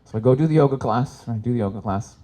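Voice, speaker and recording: A man performing live stand-up, telling stories with sudden loud shouted impressions. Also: mid-range voice, quick pace. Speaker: stand-up comic. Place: expo stage before an audience.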